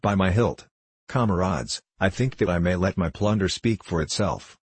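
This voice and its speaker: A man's voice: low-pitched, moderate pace, slightly rough, no echo. A man voicing a boastful, swaggering English archer soldier who talks freely and heartily. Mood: hearty boasting. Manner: hearty, boastful, free-spoken.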